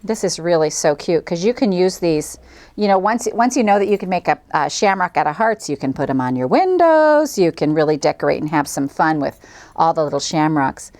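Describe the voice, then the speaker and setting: A woman's voice: fairly low pitch, sing-song, a little fast, a little mellow. Cheerful chatty woman teaching quilting. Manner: chatty, cheerful, folksy with fillers. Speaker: quilting tutorial host. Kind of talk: friendly craft demonstration.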